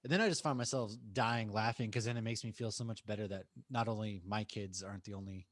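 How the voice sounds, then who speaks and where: A man's voice: lowish voice, fairly even intonation, fast. A man hosting a podcast, telling stories and jokes in a loose chat, swearing freely. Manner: joking storyteller, swears freely. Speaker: podcast host.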